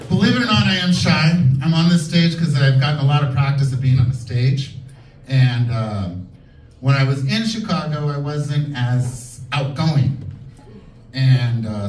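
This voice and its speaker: A man doing a stand-up comedy set, animated and campy, shouting his punchlines. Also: a little high, far from the mic, a little hiss or hum. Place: comedy club stage. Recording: echoey club heard from afar. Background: laughing crowd.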